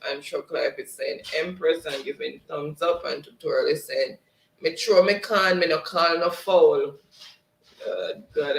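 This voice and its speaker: A man's voice: fairly high pitch, vocal fry, fairly bright tone. A man hosting a live stream in casual chat, reading out viewer comments and often laughing. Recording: roomy, distant mic.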